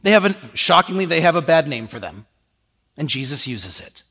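A man preaching a sermon in a lively, conversational way, often slipping into quoted voices. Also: fairly high pitch, moderate pace, in a large hall.

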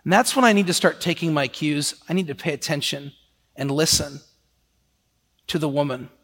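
A man preaching a sermon in a lively, conversational way, often slipping into quoted voices. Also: a little high, moderate pace, long reverb tail.

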